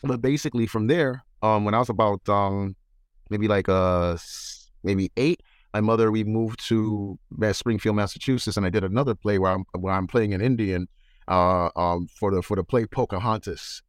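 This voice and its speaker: A lower-voiced man, recounting his start in entertainment in a relaxed interview. He talks animatedly and slips into impressions of people in his stories. The recording is dry and close. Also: normal speed, clean tone, no echo. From New York. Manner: animated, mimics voices in anecdotes. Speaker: guest entertainer. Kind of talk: casual interview storytelling.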